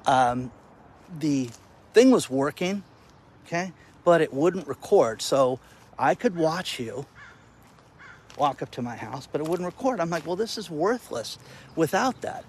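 A male content creator telling stories to camera outdoors in the wind, animated and exasperated. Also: on the high side, unhurried, pauses often. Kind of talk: casual vlog rant.

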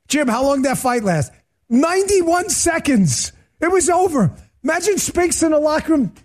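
Male podcast host, high and lively voice, jokey rant style. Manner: animated, joking, talks to his producer mid-show. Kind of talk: casual political rant.

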